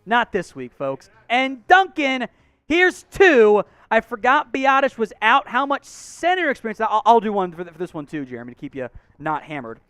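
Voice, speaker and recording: A man hosting a live sports watch-along, calling plays with excited bursts between chatty asides. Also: very high voice, a little fast, clean tone. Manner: excited play-by-play calls mixed with chatty asides. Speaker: host.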